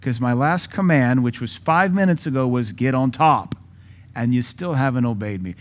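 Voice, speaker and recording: A man's voice: mid-range voice, animated. Impassioned man preaching a sermon. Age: 40s. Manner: impassioned, dramatic pauses, mimics Bible voices.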